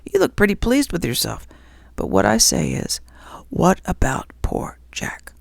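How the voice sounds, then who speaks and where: Woman whispering as a gruff, aggrieved big ghost. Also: on the low side, wildly swooping pitch, measured pace, no room sound, exaggerated voice. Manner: grumbling, self-righteous complaining. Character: coarse, resentful big male ghost. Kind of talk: whispered role-play.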